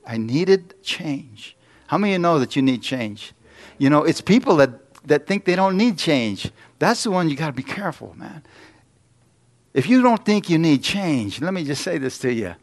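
A man's voice: medium pitch, expressive, moderate pace, vocal fry. A middle-aged man preaching a sermon, telling folksy personal stories and putting questions to the congregation.

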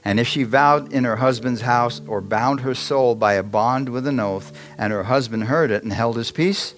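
A man's voice: medium pitch, moderate pace, faint music behind. A middle-aged man preaching a sermon in a church, talking conversationally and asking the congregation frequent questions. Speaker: pastor.

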